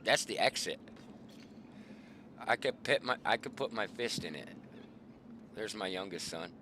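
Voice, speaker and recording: A middle-aged man, the host, casually telling hunting stories in a profane, animated way. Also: on the low side, unhurried, slight background noise. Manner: profane, animated, swearing often. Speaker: show host.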